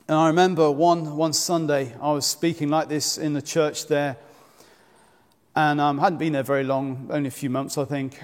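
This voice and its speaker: A man preaching a sermon in earnest, measured tones, asking the congregation direct questions. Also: on the high side, darkish tone. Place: church. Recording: long church reverb.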